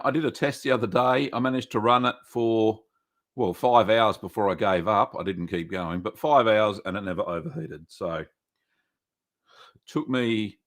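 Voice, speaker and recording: A man with an Australian accent hosts a relaxed livestream and reads out viewers' names one by one. He talks in a friendly, rambling way with plenty of fillers. His voice sits fairly low. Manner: chatty, greets viewers by name, many fillers. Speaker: livestream host. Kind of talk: casual livestream chat.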